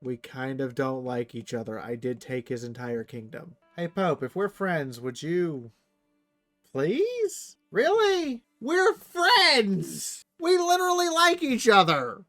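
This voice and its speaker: A man streaming a strategy game, reading its text aloud and swinging from quiet muttered asides to loud, swearing outbursts. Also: mid-range voice, no echo. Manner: swears freely.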